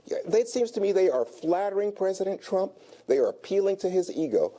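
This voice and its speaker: A man's voice: high-pitched, lively intonation, fairly quick, warm tone. A man arguing his case on a televised political panel, pushing back with emphatic points. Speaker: political commentator. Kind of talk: broadcast panel discussion.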